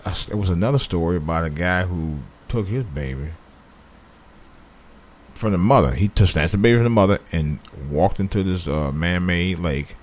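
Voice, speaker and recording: Solo commentary host, male, from Cleveland, lower voice; runs from somber musing to heated, profane ranting. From Cleveland, USA. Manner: starts low and somber, then builds into loud angry ranting with profanity. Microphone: own microphone.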